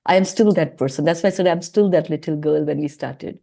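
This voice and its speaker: A woman's voice: deep voice, fairly quick, vocal fry, mellow. A middle-aged woman, a podcast guest vividly telling a story from her childhood and acting out the dialogue. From India. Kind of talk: storytelling interview.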